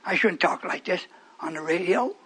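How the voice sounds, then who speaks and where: Older preacher with a high husky voice. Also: male voice, moderate pace, a bit bright. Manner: fervent, rambling, tells stories to the congregation. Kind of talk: radio sermon. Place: church hall with a congregation.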